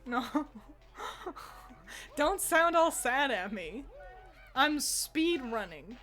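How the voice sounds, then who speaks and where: A woman's voice: high voice, big pitch swings, extremely slow, fairly bright tone. A young woman streaming at home who chats playfully with her cat while gaming, cursing freely into a desk microphone. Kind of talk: casual gaming commentary.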